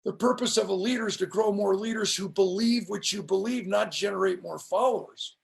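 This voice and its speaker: A middle-aged man with a strikingly gravelly voice that sits high for a man. He speaks like a motivational preacher, slowing down hard on his key lines as he tells stories in an interview. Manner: emphatic, preacher-like cadence with slowed punch lines. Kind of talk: storytelling on a live stream interview.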